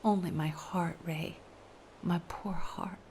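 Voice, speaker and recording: A woman voicing a sorrowful ghostly woman from the sea, in a hushed, slow, sighing whispered role-play. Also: on the low side, little pitch movement, a little hiss or hum, close to an everyday voice. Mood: sad.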